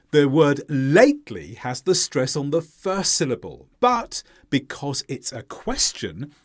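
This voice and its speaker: Brief: male English teacher with a lively, sing-song delivery who demonstrates stress patterns slowly and clearly. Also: fairly high pitch. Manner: clear, deliberate modeling of stressed words. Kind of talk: pronunciation lesson.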